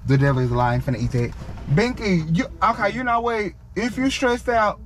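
A young man in a car, scolding a friend loudly with profanity and dramatic threats. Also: high voice, normal speed. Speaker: prank video co-star. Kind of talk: loud scolding banter. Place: inside a car.

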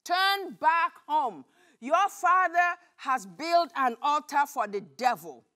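A woman's voice: high voice, lively intonation, slow pace, bright, forceful tone, heavily acted. A woman preacher voicing God as a stern commanding figure, giving firm declarative orders in a sermon retelling.

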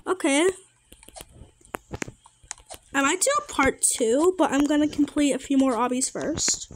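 A woman giving casual gameplay commentary, chatty and excitable and easily startled. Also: sits high, measured pace, a little hiss or hum. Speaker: gamer.

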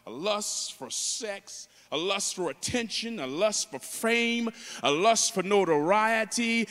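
A man preaches in a big church, his high voice swooping and climbing as he gets fervent. His tone is bright and ringing, and the sanctuary's long reverb trails every phrase. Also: takes it slowly, few pauses. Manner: builds from calm teaching to loud fervent preaching. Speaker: guest preacher. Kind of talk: preaching a sermon. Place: large church.

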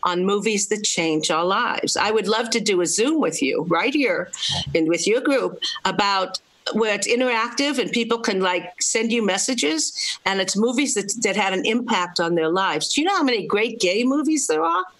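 An older woman, a film critic, talks freely in a relaxed interview. Her speech is chatty and full of quips and laughs. She is from Los Angeles. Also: medium pitch, normal speed, rough recording. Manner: chatty, laughing, self-deprecating humor. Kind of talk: casual interview chat.

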